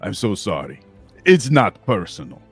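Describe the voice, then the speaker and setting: A man's voice: on the low side, very animated, a little slow, faint music behind. A man voicing a big walrus-man bounty hunter who talks in a cheery, offhand way, polite while he threatens. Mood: mock-polite. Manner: cheery, offhand, with many ums and uhs.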